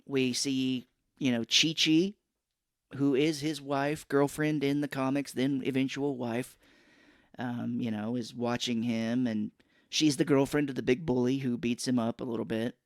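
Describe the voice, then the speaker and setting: Male podcast co-host, mid-pitch, sarcastic movie recapper, dry close mic. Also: steady tone, dry recording. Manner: recaps a film with sarcastic asides and quick impressions of characters. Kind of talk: casual chat.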